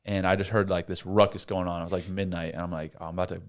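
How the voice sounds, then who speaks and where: Young man telling an animated story. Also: low-pitched, fast. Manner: animated storyteller, acts out voices. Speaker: podcast host. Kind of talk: casual chat.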